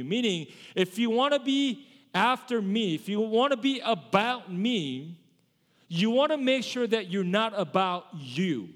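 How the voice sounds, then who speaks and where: A male pastor with a slightly high voice gives a relaxed, conversational sermon, frequently stopping to correct himself. Long reverb in the audio suggests a large church sanctuary.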